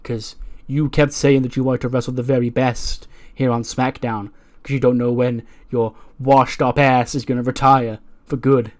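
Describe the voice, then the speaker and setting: A man voicing a cocky, loud wrestler. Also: mid-range voice, flat delivery, normal speed, hardly any pauses, close to an everyday voice. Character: brash cocky male wrestler taunting a rival.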